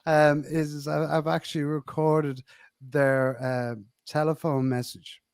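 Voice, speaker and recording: A man speaks as a guest on a live-streamed chat show, joining over a video call. His voice sits slightly high for a man and sounds close and dry. He talks in loose, chatty bursts, repeating phrases and laughing easily. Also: flat delivery, unhurried, darkish tone, no echo.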